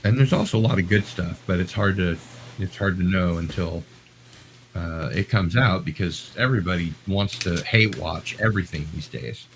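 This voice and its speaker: A man's voice: sits low, moderate pace, slight background noise, low-quality recording. An American man live-streaming, talking in a chatty, rambling, self-deprecating way. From United States. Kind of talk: casual live-stream chat.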